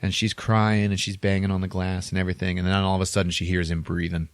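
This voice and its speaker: A man with a deep, low voice recounts a story in relaxed podcast chat. He rambles, chuckles between lines and fills gaps with "like". The sound is dry and close, with no room echo. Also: quick pace. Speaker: podcast co-host. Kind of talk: casual chat, retelling a film plot.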